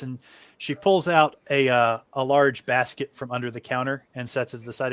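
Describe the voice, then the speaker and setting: A man's voice: medium pitch, steady tone, normal speed, fairly bright tone, smooth. A man narrating as game master for an online tabletop game in a laid-back, easygoing way. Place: home setup, online stream.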